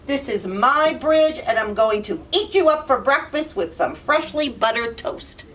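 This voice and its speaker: A woman's voice: on the high side, animated, unhurried, a bit bright. A woman doing a roaring greedy troll. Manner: roaring, bossy threats. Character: big ugly hungry troll, blustering and greedy.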